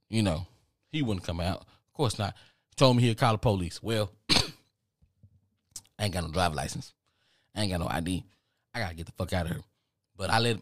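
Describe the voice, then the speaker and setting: A man hosting a podcast, telling a rambling, profane story in a casual, animated way. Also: on the low side, dry recording, studio quality. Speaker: podcast host.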